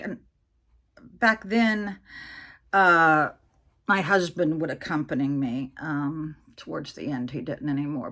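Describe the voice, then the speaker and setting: A woman's voice: lowish voice, a bit bright. A woman in her sixties, a vlogger chatting candidly to her viewers, telling a personal story with plenty of fillers and asides. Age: 60s. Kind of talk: casual storytelling to camera.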